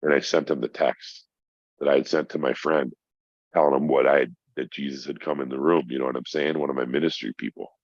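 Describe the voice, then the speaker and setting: Deep gravelly middle-aged guy, stoned, cussing thru a rambling story, dull lo-fi sound. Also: brisk, no echo. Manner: profane, rambling, animated storytelling. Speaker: podcast guest. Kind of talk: casual storytelling.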